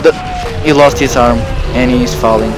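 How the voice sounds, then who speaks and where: A man in an in-character vlog over gameplay, playing a house owner and breaking into frightened, excited exclamations with stammered repeats. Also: mid-range voice, moderate pace, loud music behind the voice.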